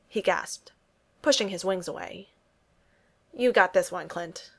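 A woman narrating a story aloud in an expressive, wry way. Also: mid-range voice. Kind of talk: audiobook story reading.

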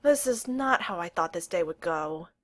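A woman's voice: on the low side, animated, moderate pace. A woman voicing a cautious, tactful and uneasy young man in a storybook reading. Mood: careful. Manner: careful, tactful.

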